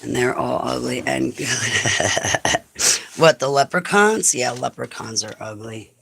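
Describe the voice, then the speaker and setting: A woman's voice: very deep voice, slow pace, creaky, a bit bright, slight background noise. A woman hosting a livestream, talking casually and bluntly to her viewers, rambling from topic to topic and chuckling often. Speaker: livestream host.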